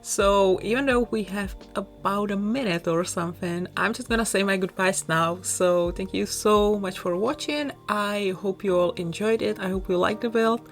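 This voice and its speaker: A woman's voice: medium pitch, normal speed, few pauses. A young woman from southern Bohemia with a Czech accent, chatting in a rambling, self-conscious way with frequent small laughs as she talks over her build video. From southern Bohemia, Czech Republic. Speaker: YouTuber. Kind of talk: rambling casual chat over a speedbuild. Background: soft background music.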